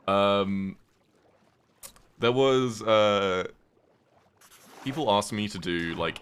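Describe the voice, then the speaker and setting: Deep-voiced man chatting on stream. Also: fairly bright tone, clean tone. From United Kingdom. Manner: rambling, chatty, laughs often at himself. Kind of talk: casual livestream chat while playing a game.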